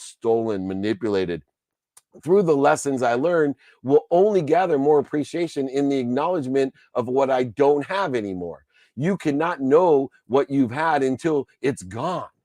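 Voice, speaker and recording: Male motivational speaker, emphatic and preachy, with a mellow mid-range voice. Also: medium pitch, dry recording, studio quality. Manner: emphatic and preachy, with repetitive lists. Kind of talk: motivational speech.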